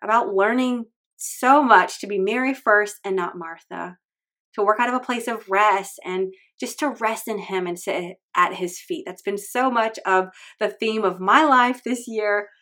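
A woman podcast host in her thirties talks about her faith in an earnest, heartfelt monologue. Her voice sits at a middle pitch, and she sounds close to tears as she speaks. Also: measured pace, pushed and bright. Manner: earnest, heartfelt, tearful at times.

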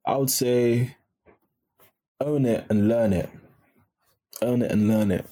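A man's voice: mid-range voice, slow pace, warm tone. A young man talking as a podcast guest in a casual, chatty way with frequent restarts and laughs.

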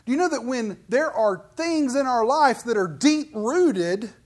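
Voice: medium pitch, expressive, a little slow. Emphatic, chatty preacher. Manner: emphatic, conversational asides. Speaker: pastor. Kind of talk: sermon.

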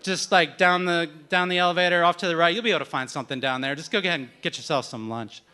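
A man's voice: on the high side, fast, pushed and bright, smooth. Man playing a chummy, rambling sports editor. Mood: breezy. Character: upbeat male sports editor, eager then dismissive.

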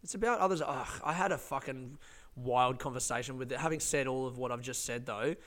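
A man's voice: mid-range voice, brisk, fairly bright tone. A man, a stand-up comedian swearing freely and rambling through stories in a casual podcast monologue.

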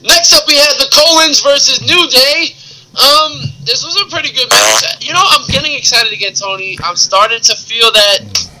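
A man co-hosting a casual wrestling chat, animated and acting out bits in funny voices. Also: very high-pitched, moderate pace, a little hiss or hum, poor audio. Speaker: wrestling podcast co-host.

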